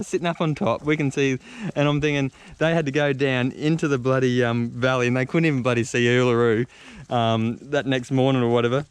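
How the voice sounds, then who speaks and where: Fast-talking Australian man telling a story. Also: medium pitch, clean tone. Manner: rambling, lots of fillers and slang. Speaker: travel vlogger. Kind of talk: casual storytelling.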